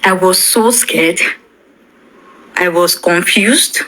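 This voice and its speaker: A young woman tells an emotional personal story, halting and often repeating her words. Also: on the low side, a bit bright, poor audio. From Nigeria. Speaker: bereaved daughter.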